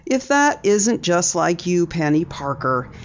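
A woman's voice: lowish voice, very animated, measured pace. A woman reading an audiobook, voicing a cheery teenage girl who fondly scolds her friend. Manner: cheery, indignant. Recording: dull lo-fi audiobook recording.

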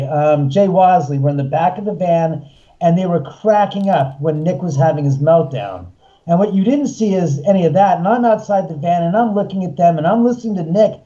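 A man tells his story in a heated, emphatic way, with a dark and mellow voice. The sound is dull and muffled, like a lo-fi line. He talks in a plain, everyday manner. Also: on the high side. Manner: emphatic, heated retelling with acted-out quotes and cursing. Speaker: guest, haunted house owner. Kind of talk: animated storytelling on a phone-in show.

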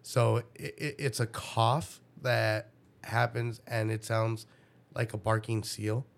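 A young man recounts a scary stretch as a new dad in a relaxed interview. His voice sits low with a steady gravelly fry, and he swears often as he talks. He's animated and tells it plainly. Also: slow. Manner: profane, animated, acts out his own past dialogue. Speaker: guest, young father. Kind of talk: casual storytelling interview.

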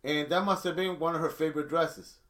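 A man's voice: a little high, fairly quick, fairly bright tone. Rambling middle-aged man telling a story. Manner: rambling, many restarts, acts out quotes. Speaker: storyteller guest. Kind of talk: casual storytelling.

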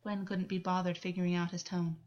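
A woman reading a story aloud as narrator in an even, unhurried way. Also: fairly low pitch. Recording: dull lo-fi recording.

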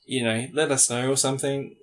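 A man's voice: mid-range voice, little pitch movement, fairly quick. A man co-hosting a casual podcast, joking crudely and swearing freely. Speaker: podcast co-host.

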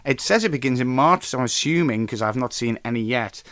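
A man hosting a casual podcast, talking in a mid-pitched voice that rambles between news and personal stories. He swears freely and gets loud and animated once a story takes hold. The sound is dry and close, with no room around it. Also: a little fast, no room sound. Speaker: podcast host. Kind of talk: casual comic-book news chat and anecdote.

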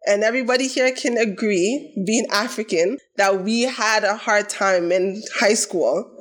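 A woman's voice: mid-range voice, measured pace. Woman panelist, casual debate, emphatic and opinionated. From Toronto, Canada. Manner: emphatic, opinionated, repeats points for stress. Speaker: podcast panelist.

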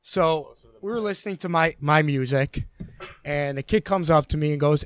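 Man, casual storyteller, laid-back, swearing, slightly high voice, dry close sound. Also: normal speed, clean tone, dry recording. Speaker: contestant.

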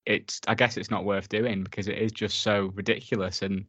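A man co-hosting a casual film review podcast, talking in a relaxed way and laughing often. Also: lowish voice, brisk, no room sound. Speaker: podcast co-host.

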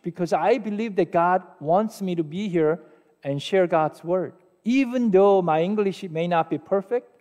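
Korean-accented male pastor, high voice. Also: dark tone. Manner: conversational, self-deprecating, asks the audience questions. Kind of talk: sermon. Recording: long hall reverb.

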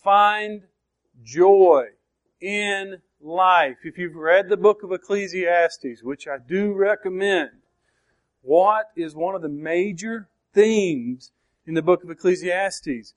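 A man preaching a sermon, slow and emphatic, asking the congregation questions as he explains a verse. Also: sits high. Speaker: pastor.

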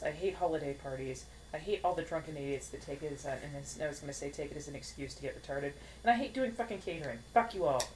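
Blunt sarcastic woman, low voice. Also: a little mellow, slight background noise, rough recording. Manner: blunt, sarcastic, swears freely. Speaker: podcast co-host. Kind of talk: casual chat.

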